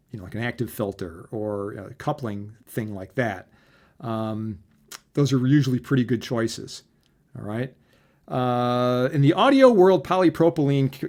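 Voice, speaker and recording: A male professor giving a relaxed lecture, explaining things conversationally and often checking in with a quick "right?". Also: mid-range voice. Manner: conversational, tags points with "right?". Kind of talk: casual recorded lecture.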